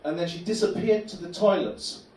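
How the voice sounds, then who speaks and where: A man doing a stand-up comedy set in a club, telling absurd stories deadpan. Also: sits high, normal speed. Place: comedy club bar room. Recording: echoey club room from a distant mic.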